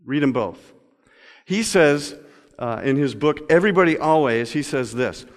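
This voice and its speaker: A male pastor delivering a sermon, moving between loud emphatic stretches and slow, quiet reading. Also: fairly high pitch, lively intonation. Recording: long reverb of a large hall.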